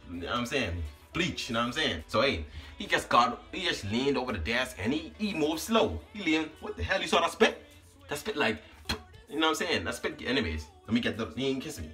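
A man casually telling a story to his vlog audience, slangy and animated, always asking "you know what I'm saying". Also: mid-range voice, a little fast, distant mic, soft background music.

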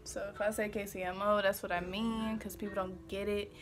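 A young woman from Kansas City, Missouri vlogs casually to the camera at home, sassy, goofy, and emphatic, swearing freely. Her voice is medium-pitched and level in tone, a little fast. Faint music plays in the background.

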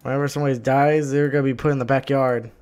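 A man giving excited gameplay commentary, exasperated and shouting at the characters on screen. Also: mid-range voice, fast, clear, resonant tone. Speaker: gaming channel host.

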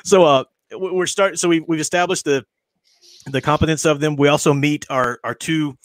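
A man's voice: on the high side, fairly even intonation, normal speed, no room sound. A man hosting a casual book study who reads passages aloud and chats about them, laughing often. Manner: chatty, laughs often, restarts and fillers.

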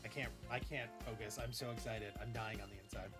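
A young man streaming a game, commenting in an excitable, gushing way with swearing and dramatic self-mockery. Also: on the low side, a little fast, over music. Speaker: gaming streamer. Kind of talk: let's play commentary.

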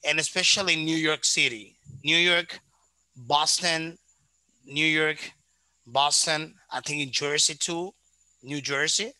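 Male English teacher, slightly higher voice, patient and repetitive, explaining pronunciation. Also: pushed and bright, dry recording, rough recording. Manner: patient, repeats words back, explains pronunciation slowly. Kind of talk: online one-to-one lesson.

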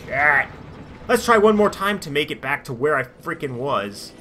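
Lively sarcastic man with music behind. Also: a little high, moderate pace. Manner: sarcastic, bursts into shouting rants. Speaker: gaming commentator. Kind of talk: let's play commentary.

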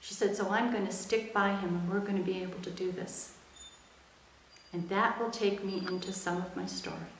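A woman's voice: medium pitch, fairly even intonation, moderate pace, a little hiss or hum. Middle-aged woman, interview guest, earnest and reflective storyteller, echoey room. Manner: earnest, reflective, softens into quiet quoted speech. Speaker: interview guest, emotional intelligence expert.

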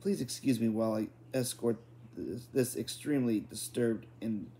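A man's voice: mid-range voice, normal speed, dark tone, natural voice. A man voicing a bossy elderly great-aunt in a storybook reading, with prim, haughty phrasing.

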